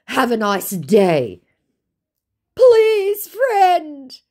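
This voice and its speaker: A woman's voice: high voice, huge pitch swings, very slow, darkish tone, voice pushed up, full character voice. A woman voicing a pleading young male online scammer who begs in a whiny way. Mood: wheedling. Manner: whiny, begging.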